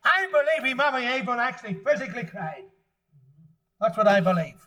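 Very high-voiced, fervent preacher man. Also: sing-song, brisk, low-quality recording. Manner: fervent, emphatic preaching that rises to shouts. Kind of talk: sermon.

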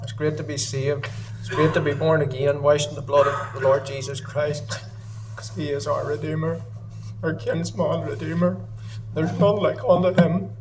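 A man's voice: on the high side, flat delivery, moderate pace, far from the mic, background noise. A man giving an earnest, emotional sermon in a church service, often repeating his phrases. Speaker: lay preacher.

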